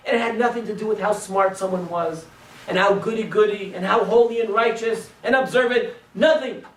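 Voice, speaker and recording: A male rabbi teaching a class as animated storytelling. He swings between loud exclamations and hushed asides and drops in Hebrew and Yiddish words. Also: sits high. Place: synagogue classroom. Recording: echoey room, distant mic, faint noise.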